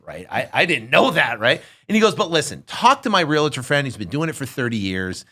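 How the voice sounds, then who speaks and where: Man, fifties, podcast guest, animated storyteller, bright tense tone. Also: fairly high pitch, fairly quick, hardly any pauses. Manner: animated, acts out voices in his stories. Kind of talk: casual storytelling.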